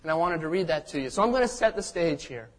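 A man's voice: fairly high pitch, animated, fast. A man preaching a sermon as a pastor. He tells the story in a conversational way and often checks in with the congregation by asking "okay?".

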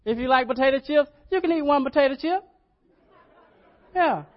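A man's voice: extremely high pitch, moderate pace, muffled recording, some chatter behind. A man preaching a sermon as pastor, in a folksy, repetitive way, often asking the congregation questions.

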